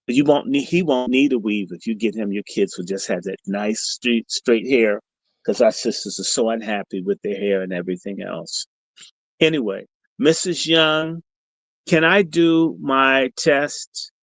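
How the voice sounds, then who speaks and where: A man's voice: lowish voice, normal speed, breathy edge, no room sound, low-quality recording. A middle-aged man hosting a podcast, telling a story in a provocative, profane, combative way. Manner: animated storyteller. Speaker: podcast host. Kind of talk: storytelling monologue on a livestream.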